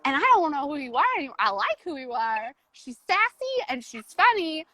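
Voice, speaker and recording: A woman's voice: high-pitched, sing-song, bright, forceful tone, dry recording, soft background music, low-quality recording. A woman guest talking openly and emotionally about her personal change, in a chatty style full of "like"s. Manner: open, emotional, fast storytelling with many "like"s. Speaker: coaching client, guest. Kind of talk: casual interview chat.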